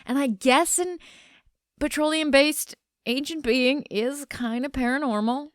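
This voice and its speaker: A woman's voice: high voice, a little slow, no room sound, clean studio sound. A woman co-hosting a horror film podcast in casual chat. She laughs often and swears casually. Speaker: podcast co-host.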